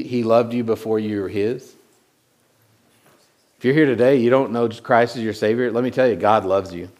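A man preaching a sermon in a conversational way, often repeating words and swinging from loud lines to hushed ones. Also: mid-range voice. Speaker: pastor.

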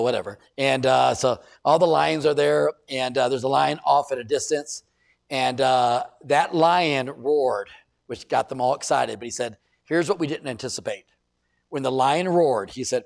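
Gravelly high-pitched male preacher. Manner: animated preaching, repeats words, asks the congregation questions. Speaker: pastor. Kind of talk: sermon. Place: church.

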